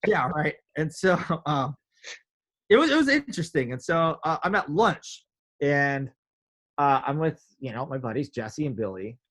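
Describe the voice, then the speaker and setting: A man telling a story in a casual interview, animated, filling his talk with "like" and acting out quotes. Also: fairly high pitch, measured pace. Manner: animated, many "like" fillers, acts out quotes. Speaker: podcast guest, drummer.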